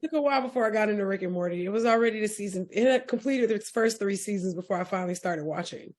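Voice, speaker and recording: A woman co-hosting a podcast, telling stories in a lively, casual way and laughing often. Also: medium pitch, racing. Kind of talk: casual chat.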